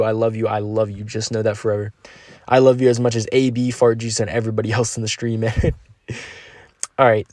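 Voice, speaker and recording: A man's voice: medium pitch, darkish tone, no echo. A young man streaming a mobile game, chatting casually and upbeat with his viewers while he plays and reads their messages. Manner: laid-back, upbeat, slangy, talks to chat. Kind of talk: live-stream gameplay commentary and chat reading.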